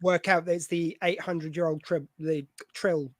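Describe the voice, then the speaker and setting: Southern US co-host, lively and critical, dry close-mic sound. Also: medium pitch, no echo. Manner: animated, laughing, quick to nitpick. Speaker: podcast co-host. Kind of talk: casual podcast chat.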